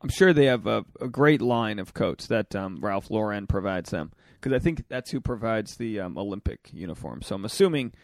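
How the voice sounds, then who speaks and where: A man's voice: lowish voice, animated, normal speed, vocal fry, few pauses, dry recording, clean studio sound. Casual man telling stories on a podcast. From Rhode Island. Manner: storytelling, swears casually. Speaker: podcast co-host, stand-up comedian. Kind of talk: casual chat.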